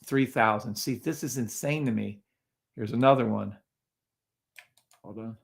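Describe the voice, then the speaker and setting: Gravelly man hosting a live trading stream. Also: medium pitch, measured pace. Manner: incredulous, talks to chat viewers by name. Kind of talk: casual live-stream chart commentary.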